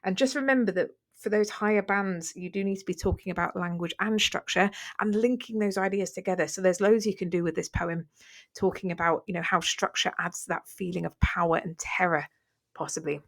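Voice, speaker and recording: Teacher, woman, slightly low voice, chatty exam-revision explainer with plenty of ums. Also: steady tone, fairly quick. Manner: conversational, many fillers and self-corrections. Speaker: English literature teacher. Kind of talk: revision lesson, line-by-line poetry analysis.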